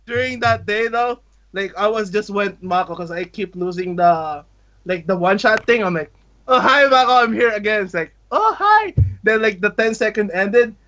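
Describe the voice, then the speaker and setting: A man's voice: high voice, steady tone, moderate pace, a bit bright, highs cut off. A man eagerly telling a story, laughing often and acting out the dialogue. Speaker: guest telling a travel story. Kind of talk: excited storytelling with acted-out quotes.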